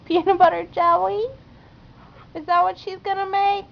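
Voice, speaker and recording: Give me a high, teasing mother on lo-fi home video. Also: flat delivery, normal speed, gravelly. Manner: teasing, playful. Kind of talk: playful home video chat with her kids. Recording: dull lo-fi camcorder audio with faint hiss.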